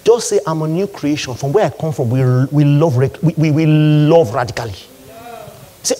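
Male preacher, high and lively, leading call-and-response in a sermon. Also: fairly quick.

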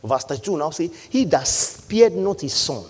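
A man preaches a sermon in a high, animated voice. His pitch swings widely as he hammers home key lines. He slips into the voices of his listeners to make his point. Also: moderate pace, slightly rough. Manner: emphatic preacher, repeating lines and acting out the congregation. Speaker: pastor.

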